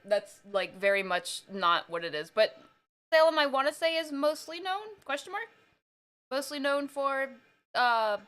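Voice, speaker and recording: A woman on a live stream eats while chatting casually with viewers and reading their messages, excitable and laughing a lot. Her voice is on the high side.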